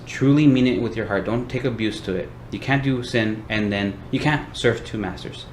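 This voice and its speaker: A low-pitched man chats about faith in a loose, rambling way. His voice bounces around an echoey room. A faint hiss sits under the recording. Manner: relaxed, rambling, says "bro" and "like". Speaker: podcast host. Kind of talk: casual Christian discussion.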